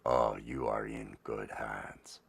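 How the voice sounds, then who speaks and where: A calm, reassuring male cartoon toy character, as a man puts him on, speaking in an extremely deep, hushed tone. He talks slowly and evenly, each phrase measured to soothe. His voice sits lower and softer than ordinary speech. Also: vocal fry, husky, heavily acted. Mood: soothing.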